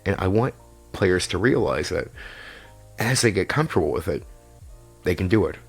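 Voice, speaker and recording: A man's voice: deep voice, expressive, moderate pace, husky, faint music behind. A man, an experienced game master, giving casual advice to tabletop players in an emphatic, repetitive way, sometimes swearing.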